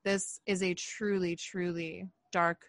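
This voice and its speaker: A woman's voice: fairly low pitch, flat delivery, slow pace, no echo, studio quality. A woman talking candidly and emphatically in a casual conversation, with many filler "likes". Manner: candid, emphatic, faith-focused talk with frequent "like".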